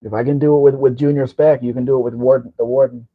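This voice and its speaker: A man at an average pitch, hosting a relaxed live stream and rambling along with wry little asides. The audio is dull and lo-fi, like a home stream. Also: quick pace. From Southern California. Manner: rambling, chatty car talk with wry asides. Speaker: show host. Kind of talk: casual live-stream chat.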